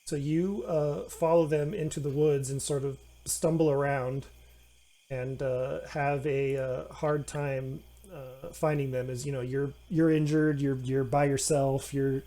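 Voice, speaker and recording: A man narrating a tabletop game as game master, halting with many fillers and restarts. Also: medium pitch, steady tone, mellow.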